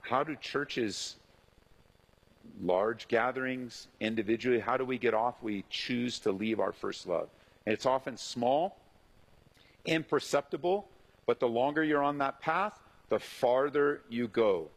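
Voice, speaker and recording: A middle-aged man, a pastor, preaching a sermon in an animated way, acting out the voices he quotes. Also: medium pitch, a little slow, rough recording.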